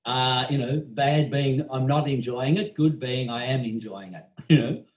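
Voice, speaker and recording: Here the same kind of speaker appears: an Australian meditation teacher recounting a story conversationally, laughing frequently and leaning on "you know." His voice is mid-range and unhurried, recorded in an echoey space.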